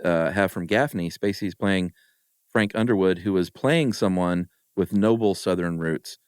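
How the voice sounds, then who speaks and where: A man co-hosting a podcast, laid-back and quick to laugh, reading listener mail in casual chat. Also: low voice, dry recording, clean studio sound. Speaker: podcast co-host.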